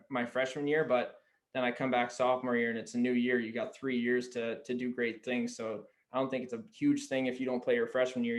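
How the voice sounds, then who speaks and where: A young man from Canada talks as a guest on a casual podcast, pitched mid-range and held fairly flat. He tells candid stories from his playing days, filling them with "like" as he goes. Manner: candid storyteller, peppered with "like". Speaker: guest, pro lacrosse player.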